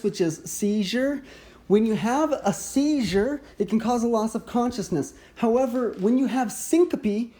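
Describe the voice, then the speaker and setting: Male medical educator in his 30s, mellow tone, measured explanatory delivery. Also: high voice. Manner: measured, explanatory, occasional restarts. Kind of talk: recorded teaching overview.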